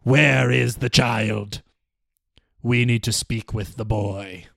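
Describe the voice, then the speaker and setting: A man voicing a furious mob of grieving adults, loud and demanding. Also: mid-range voice, fairly even intonation, slow pace, creaky, no room sound, studio quality, heavily acted.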